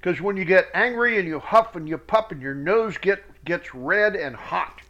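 Guy reading bible verses slow and explaining them, kinda high voice, muffled lo-fi sound. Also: sharp tone. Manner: reads verses slowly with emphasis, quick asides. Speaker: Bible teacher. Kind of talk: verse-by-verse scripture teaching.

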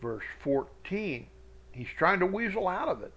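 A man teaching scripture verse by verse, reading each verse slowly with emphasis and adding quick asides. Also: fairly high pitch, very animated, pushed and bright, lo-fi sound. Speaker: Bible teacher.

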